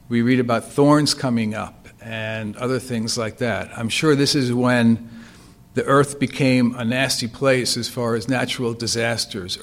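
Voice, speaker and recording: A man reading scripture aloud and then explaining it, with frequent fillers and restarts. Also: medium pitch. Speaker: Bible teacher.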